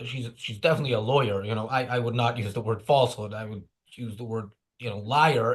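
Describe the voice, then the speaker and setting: A man hosting a show, commenting casually on a video clip in a lively, quick way. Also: medium pitch. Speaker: show host.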